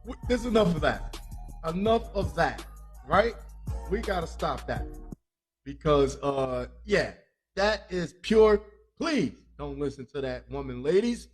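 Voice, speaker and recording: A man's voice: fairly high pitch, sing-song, a little slow, breathy edge, faint music behind. A man hosting a comic crime news podcast, rambling and joking with frequent laughs and cursing. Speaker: podcast host.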